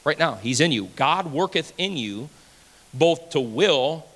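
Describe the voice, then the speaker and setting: A man preaching a sermon as pastor, emphatic and repetitive, swinging between loud declarations and hushed asides. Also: on the high side, animated, measured pace. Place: church sanctuary. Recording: long church-hall reverb.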